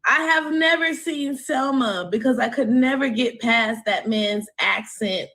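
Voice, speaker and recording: A woman giving blunt, deliberate opinionated commentary. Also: fairly high pitch, fairly bright tone.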